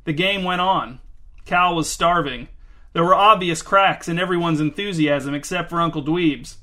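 A man's voice: a little high, moderate pace, bright, forceful tone. A man reading a story aloud in a dry, wry narration. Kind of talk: scripted narration.

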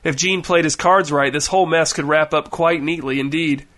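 A man reading a story aloud in a wry, even storytelling manner. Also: fairly high pitch, normal speed. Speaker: narrator. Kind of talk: audiobook narration.

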